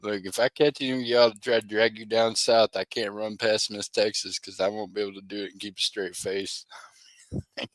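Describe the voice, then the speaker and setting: A man's voice: lowish voice, flat delivery, moderate pace, no echo. A man hosting a casual live stream, chatting with viewers by name in rambling, joking, slangy banter and laughing often. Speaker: livestream host.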